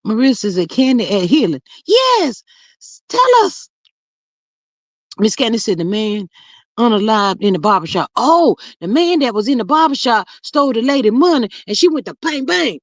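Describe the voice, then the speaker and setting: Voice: mid-range voice, animated, no echo. Gossipy host with a dry, close sound. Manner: gossipy and chatty, full of fillers and drawn-out asides. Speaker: livestream host. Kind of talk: casual livestream chat, reading viewer comments. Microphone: streaming mic close up.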